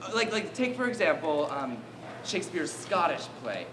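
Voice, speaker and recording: A man performing live comedy, explaining in a halting, rambling way. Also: a little high, big pitch swings, noisy background. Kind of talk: live comedic stage banter. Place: theater stage. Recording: roomy live stage with audience.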